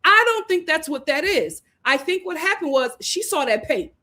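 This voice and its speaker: A woman hosting a casual reality TV recap, animated and laughing as she acts out what the cast said. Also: high voice, normal speed. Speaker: host.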